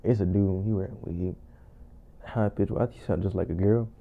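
A man's voice: deep voice, fairly even intonation, a little fast, vocal fry. Joking young man on a tinny line. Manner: joking interjections. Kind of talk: casual chat. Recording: tinny phone-like sound.

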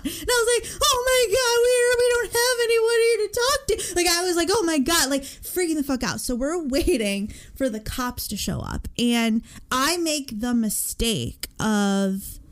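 A young woman in her twenties co-hosting a podcast, telling a story in a casual, animated way, with lots of swearing and "like" fillers. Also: a little high. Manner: animated, profane, many "like" fillers. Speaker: podcast co-host.

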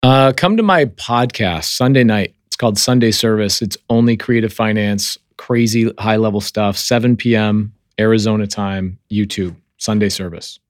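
A man's voice: lowish voice, normal speed, hardly any pauses, no room sound, clean studio sound. A man who is a guest on a podcast about real estate investing, talking emphatically and repeating himself for emphasis. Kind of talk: casual podcast conversation.

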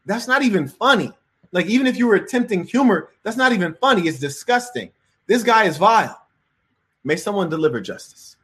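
A man's voice: sits high, expressive, brisk, a bit bright. A man giving reaction commentary in a preachy, moralizing way.

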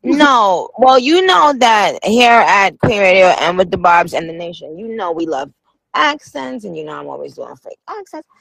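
Playful slangy woman radio host, gravelly. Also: medium pitch, expressive, normal speed, a bit bright, dry recording. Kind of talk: casual radio interview.

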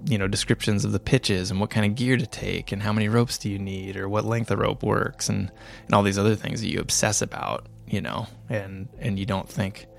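Interviewee, male, low gravelly voice, telling his story haltingly. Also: steady tone, soft background music. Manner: halting, many restarts and fillers. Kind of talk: reflective storytelling.

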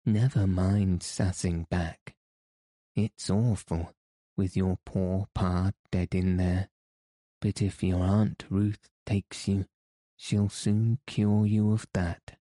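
A man's voice: low-pitched, little pitch movement, takes it slowly, dark tone, no room sound. A man reading as a nagging woman housekeeper. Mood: scolding. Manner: nagging, blunt. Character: scolding, self-pitying woman housekeeper. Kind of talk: audiobook character reading.

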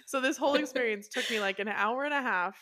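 A woman in her thirties, co-hosting a podcast in casual chat and telling a story with lively acted-out quotes. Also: fast talker. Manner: animated storyteller, acting out quotes with big pitch jumps. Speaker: podcast co-host.

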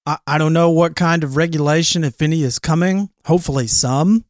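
A man's voice: a little high, brisk, no room sound, clean studio sound. A man co-hosting a casual sports podcast, talking loosely with profanity and frequent laughs. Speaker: podcast co-host.

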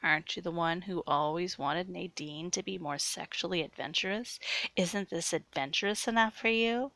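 A woman voicing a supernatural young woman, a menacing predator who speaks in a coarse, raspy whisper. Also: lowish voice, moderate pace, bright, forceful tone, no echo. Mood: mocking.

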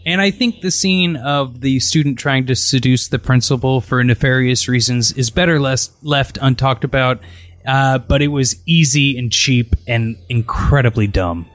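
A man's voice: medium pitch, normal speed, a bit bright, dry recording. A man co-hosting a casual movie podcast, with dry, wry humor. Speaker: podcast co-host.

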